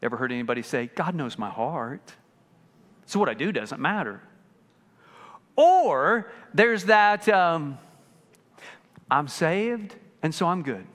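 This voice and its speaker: Man preaching, animated, acts out quoted voices, slow measured pace, reverberant hall. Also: fairly high pitch. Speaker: pastor. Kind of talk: sermon. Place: church sanctuary.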